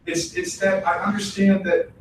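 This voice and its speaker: A man preaching a casual, conversational sermon at a temple, animated and chatty, breaking into voices as he tells examples. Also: sits high, normal speed. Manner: animated, acts out quoted voices, chatty asides. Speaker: temple minister. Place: temple hall. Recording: echoey hall, distant mic, faint noise.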